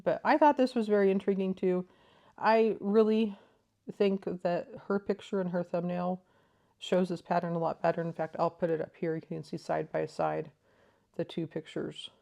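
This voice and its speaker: A woman's voice: lowish voice, steady tone, normal speed, creaky. A woman hosting a crochet vlog, explaining things in a thoughtful, enthusiastic way, with frequent ums. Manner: thoughtful, enthusiastic, soft-spoken with frequent fillers. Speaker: crochet vlogger. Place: living room.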